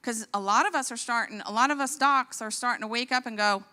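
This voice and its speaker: A woman in her forties speaks as a physician in a large church hall. Her voice sits a little high and bright, and it rings out with long reverb. She talks with mounting indignation and builds to sharp exclamations. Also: fast talker, hardly any pauses. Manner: animated, indignant, rising to exclamations. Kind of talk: impassioned church talk.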